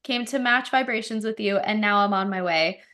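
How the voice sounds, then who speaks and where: A woman's voice: mid-range voice, normal speed, sharp tone, lightly acted. Woman voicing a breezy self-assured tomcat. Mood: defiant. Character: cocky free-roaming male tomcat.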